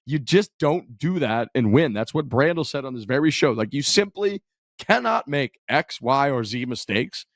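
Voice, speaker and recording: A male podcast co-host at an ordinary middle pitch, recorded dry and close. He talks in an excited, profane, rambling way, piling one thought onto the next. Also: normal speed, dry recording. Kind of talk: casual chat.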